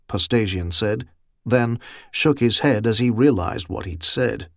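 A man giving steady, measured audiobook narration on a close studio mic. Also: medium pitch, no echo.

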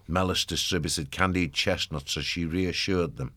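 A man giving steady scripted narration of a story. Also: low-pitched, moderate pace, husky, no echo.

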